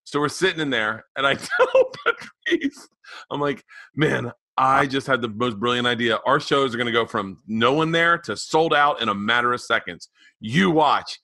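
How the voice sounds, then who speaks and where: A man's voice: mid-range voice, sing-song, normal speed, bright, forceful tone, dry recording. Man telling a story, laughing, dry sound. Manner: laughs through his own story. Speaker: comedian and podcast co-host. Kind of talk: animated storytelling.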